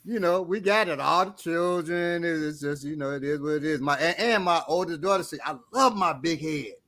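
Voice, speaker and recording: Bright high-voiced middle-aged man telling stories. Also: a little fast. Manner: animated storyteller, laughs a lot. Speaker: podcast co-host. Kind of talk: casual chat.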